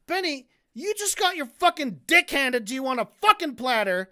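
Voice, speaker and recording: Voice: very high-pitched, animated, moderate pace, pushed and bright. Debate streamer, casual profane rant, sarcastic, stumbles and repeats words. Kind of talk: casual ranting commentary.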